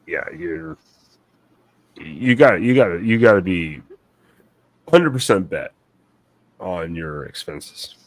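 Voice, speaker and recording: A man co-hosting a casual livestream chat, blunt and profane, talking in quick bursts. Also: low-pitched, lively intonation, no room sound. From United States. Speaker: co-host.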